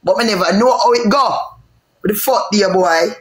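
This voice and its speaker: A man's voice: high-pitched, normal speed, echoey room. An angry Jamaican man arguing and cursing on a livestream. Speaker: live streamer. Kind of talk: heated argument on a livestream.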